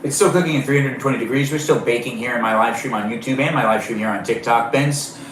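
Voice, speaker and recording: A man's voice: mid-range voice, steady tone, quick pace, a bit bright, distant mic, slight background noise. A playful, rambling man chats with his viewers while baking on a live stream. His voice sits a little back from the mic in a roomy kitchen, with faint ambience underneath. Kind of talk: casual live-stream chat, reading chat aloud.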